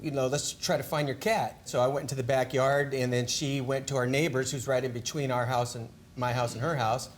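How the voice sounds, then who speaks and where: A man's voice: medium pitch, steady tone, fairly quick, few pauses, a little hiss or hum. A man as defendant on a TV court show, explaining his side with some hesitation. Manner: hesitant, with fillers and restarts. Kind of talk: courtroom testimony.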